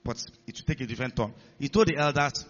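A man preaching a sermon as pastor, teaching slowly and checking with the congregation through repeated questions. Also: mid-range voice, fairly bright tone, long reverb tail, highs cut off.

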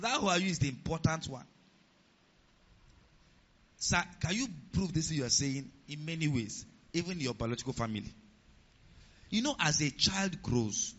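This sermon comes from a lively male preacher whose voice is bright and tense. He asks the congregation rhetorical questions and voices quoted speech in a lower register, all on a dull, lo-fi recording.

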